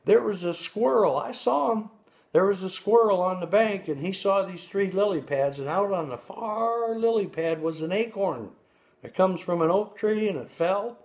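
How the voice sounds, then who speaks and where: A man doing Bunky, a bragging old bass. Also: darkish tone. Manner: bragging, tall-tale telling. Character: boastful old male bass fish.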